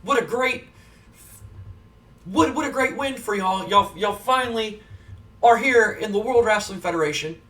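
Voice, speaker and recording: A man's voice: high voice, lively intonation, moderate pace, pauses often, a bit bright, echoey room, recorded from a distance. A man putting on the voice of a male backstage interviewer who stumbles over his words and keeps saying y'all. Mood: excited. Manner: stammering, repeats words, says y'all.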